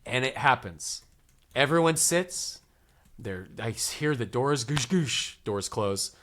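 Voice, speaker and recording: A man's voice: medium pitch, takes it slowly. A man in his thirties, co-hosting a podcast, telling a story in a casual chat and acting out the quotes. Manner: animated, acts out quotes in lively voices. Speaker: podcast co-host.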